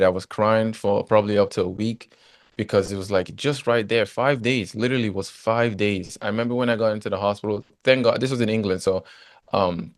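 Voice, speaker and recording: A man with a fairly low voice tells his story in a relaxed interview, animated and leaning on "you know" between phrases. He was recorded close and dry, with no room sound behind him. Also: no echo. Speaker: guest, former footballer turned agent.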